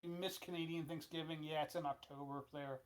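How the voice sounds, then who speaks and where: A man playing in a tabletop role-playing game, talking in halting bursts full of fillers. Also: on the high side, fairly even intonation, slight background noise. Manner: halting, lots of fillers and restarts. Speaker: player.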